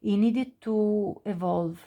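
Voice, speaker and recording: A woman's voice: mid-range voice, takes it slowly, muffled recording. Woman, tarot reader, casual reading, chatty, laughing, fillers and restarts.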